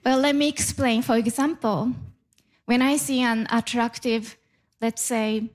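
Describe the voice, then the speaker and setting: A young woman with a Japanese accent doing stand-up comedy, delivering each line slowly and with a deadpan air. Her voice sits a little high. A faint hiss runs under it. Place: comedy club stage before a laughing audience.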